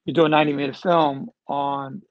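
A man's voice: medium pitch, level tone, fairly quick, dry recording, highs cut off. A man in his fifties hosting a casual live-streamed Q&A, answering questions in a loose, chatty way with lots of fillers. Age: 50s. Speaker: host answering audience questions.

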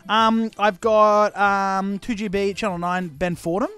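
A man's voice: high-pitched, level tone, unhurried, a bit bright, smooth, faint music behind. A young Australian man, a radio host, chatting and laughing through a comedic prank call, breaking into put-on coughing fits and stammering.

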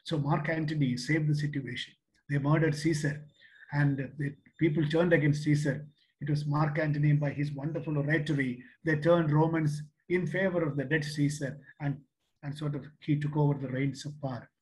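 An older man from Kerala speaks in Indian English, recalling his school days in a reflective, storytelling way. His voice sits a little higher than most men's, and he often pauses and restarts his sentences as he tells stories to young listeners. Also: steady tone, a little mellow, rough recording. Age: 60s. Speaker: seminar speaker. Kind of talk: motivational talk to youth.

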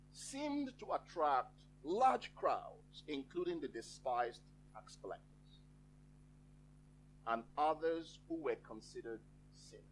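A man preaching a sermon in a church, with slow, emphatic phrasing and dramatic pauses. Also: mid-range voice, a little hiss or hum, rough recording.

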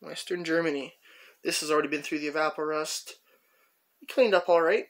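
A man casually showing his tool finds one by one, chatting in a rambling way with lots of pauses. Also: a little high, fairly even intonation, background noise. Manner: rambling, chatty, many "uh" pauses while handling tools. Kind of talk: casual show-and-tell narration.

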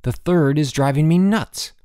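A man's voice: fairly high pitch, unhurried, dark tone, clear, resonant tone, no echo, clean studio sound, pitched above the performer's own voice, natural voice. A man voicing a blunt, irritable teenage schoolboy. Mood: exasperated. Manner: blunt, exasperated.

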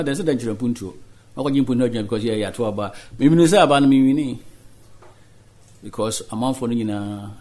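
Ghanaian man, low husky voice. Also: darkish tone. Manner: earnest, mixes Twi and English. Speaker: politician. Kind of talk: interview answers.

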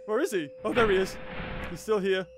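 A man commentating a horror video game, jumpy and loud, yelping, laughing and talking to the characters. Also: high voice, fairly quick, noisy background. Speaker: gaming video host.

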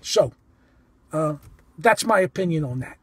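A man telling a heated story about a ballgame as a fan, animated and indignant, cursing and repeating himself. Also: a little high, unhurried, slightly rough, no echo. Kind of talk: heated first-person storytelling.

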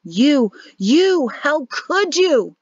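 A woman's voice: mid-range voice, lively intonation, measured pace, dry recording, muffled recording. A woman voicing a young man held captive, speaking tense and breathless.

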